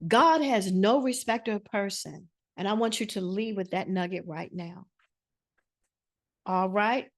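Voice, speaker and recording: A woman hosting a live online money masterclass over a video call, talking in an animated way and stacking up repeated words for emphasis in a preacher-like style. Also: medium pitch, a little slow. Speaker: financial educator hosting a masterclass.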